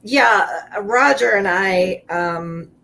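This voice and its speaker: Slow, hesitant woman guest. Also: medium pitch, vocal fry, bright, forceful tone. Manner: hesitant, many fillers, reads out a screenshot. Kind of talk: casual chat.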